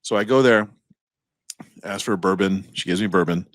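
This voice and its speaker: A podcast co-host with a deep voice tells a rambling story at a moderate pace in a casual chat, recorded clean in a studio with no room sound. He chuckles often and acts out the voices of the people involved.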